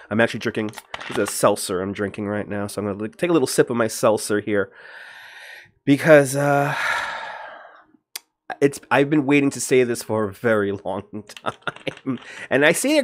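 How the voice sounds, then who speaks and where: A man chatting live to his viewers from home, loose and rambling as he greets them one by one. His voice is dry and close, with no room sound around it. His pitch sits in a middle range but leaps up when he gets worked up. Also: no room sound. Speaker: livestream host. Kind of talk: casual livestream chat.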